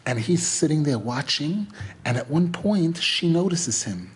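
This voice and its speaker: A man's voice: on the high side, unhurried, husky. A middle-aged man teaching a religious lesson through a retold folk tale, repeating himself and restarting phrases as he goes. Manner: repetitive, animated retelling with many restarts. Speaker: Torah teacher.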